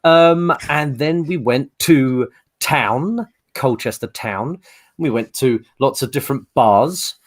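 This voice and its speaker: A man's voice: medium pitch, slow pace. A man, telling anecdotes in casual podcast chat, laughing often and doing voices. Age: late 30s. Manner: animated storyteller, laughs often, does voices. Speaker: podcast panelist.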